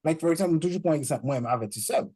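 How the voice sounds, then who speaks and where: A man's voice: fairly high pitch, rapid-fire, rough recording. A man, talking casually as a guest and acting out quotes from parents and children. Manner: animated storyteller, acts out quotes. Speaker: guest speaker. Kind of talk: casual chat, code-switching.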